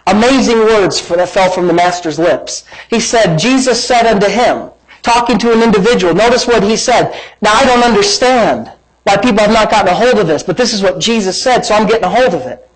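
Male pastor, high-pitched, emphatic preaching style with humor. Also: brisk, poor audio. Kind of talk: sermon.

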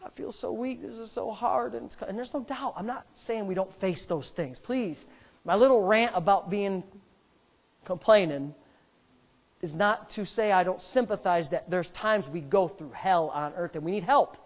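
A man's voice: high voice, animated, normal speed. A middle-aged male pastor telling a story in a sermon, speaking emphatically and rambling, with frequent restarts.

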